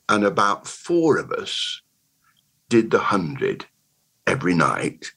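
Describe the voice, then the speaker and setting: A man in his eighties with a Bristol accent, telling stories as an interview guest in a rambling, animated way. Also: deep voice, takes it slowly, gravelly, pauses often, husky, rough recording. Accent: Bristol English. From Bristol, England. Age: 80s. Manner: rambling, animated, restarts words often. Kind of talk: casual conversational storytelling.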